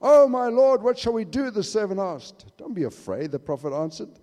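A man preaching a sermon in church, emphatic, swinging between loud declarations and hushed asides. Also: high-pitched, very animated, brisk. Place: church hall. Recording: reverberant hall.

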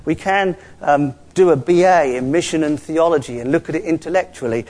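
A man preaching a sermon, swinging between quiet asides and rising exclamations. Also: a little high, fairly quick, hardly any pauses.

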